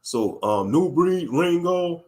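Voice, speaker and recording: Speaking slowly but animatedly, the YouTube commentator has a high voice with a darkish tone. His ranting commentary is blunt, heated and full of repeated catchphrases.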